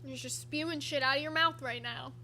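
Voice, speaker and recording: A woman's voice: high-pitched, steady tone, fairly quick, pushed and bright. A woman co-hosting a livestream in casual chat, swearing freely and laughing often. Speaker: stream co-host.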